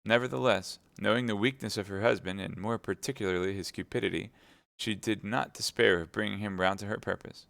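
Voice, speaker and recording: Gravelly-voiced man reading aloud. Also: fairly low pitch, steady tone, fairly quick, a bit bright, no room sound. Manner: plain reading with small slips and self-corrections. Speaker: streamer reading a novel aloud. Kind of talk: live read-aloud narration.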